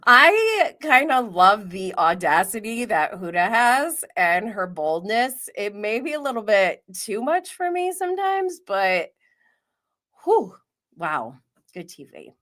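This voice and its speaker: A woman's voice: mid-range voice, sing-song, slow, fairly bright tone. A woman hosting a live stream about reality TV, chatting in a gossipy way, laughing often and sometimes dropping to a whisper. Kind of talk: casual live-stream commentary.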